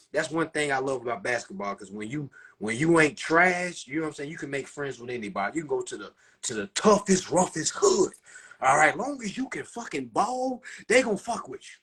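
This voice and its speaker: A young Southern man from South Carolina telling a profane, animated story to his livestream viewers. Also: mid-range voice, husky. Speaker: livestream host. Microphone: phone.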